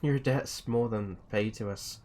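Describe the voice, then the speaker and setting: A man's voice: darkish tone, close to an everyday voice. A man voicing a sincere, grateful woman. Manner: slow, low, sincere.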